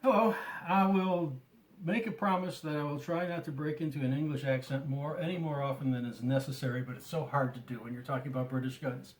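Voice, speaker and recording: An older gunsmith explains in a relaxed, wandering way, full of fillers. His voice is a little higher than most men's. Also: a little fast. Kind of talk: casual explanatory tutorial.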